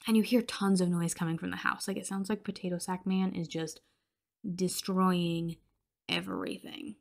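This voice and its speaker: A woman's voice: lowish voice, little pitch movement, moderate pace, gravelly. Chatty young woman recapping a horror film. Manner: chatty, swears, many fillers like "like"; drops into whispers for tense moments. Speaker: podcast host.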